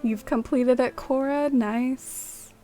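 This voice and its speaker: A woman's voice: sits high, fairly even intonation, takes it slowly, warm tone, faint music behind. A young woman streaming a game, chatting in a friendly way with viewers and musing aloud. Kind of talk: casual chat with viewers.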